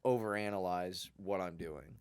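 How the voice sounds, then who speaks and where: A young man, a podcast co-host, telling a long, rambling story in a casual, animated way. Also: sits low, normal speed, clear, resonant tone, no room sound.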